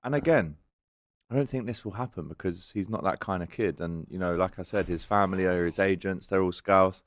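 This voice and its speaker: A man co-hosting a football fan chat with a notably deep, low voice, thinking things through in a measured, casual way. The sound is close and dry, with no echo. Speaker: football fan-channel co-host.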